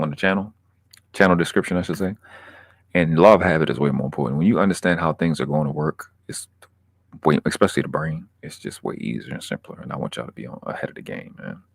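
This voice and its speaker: Man, young adult, very low voice, casual profane livestream chatter, dry close sound. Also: dry recording. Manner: loose, profane, rambling with restarts. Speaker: livestream host reading chat.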